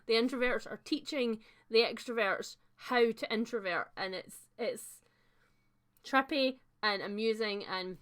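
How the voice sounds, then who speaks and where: A young woman hosts a casual livestream, chatting to viewers as she reads their comments. Her voice is bright and fairly light, and she talks in a loose, friendly way with plenty of fillers. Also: fairly high pitch, unhurried. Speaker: host of a livestream book chat.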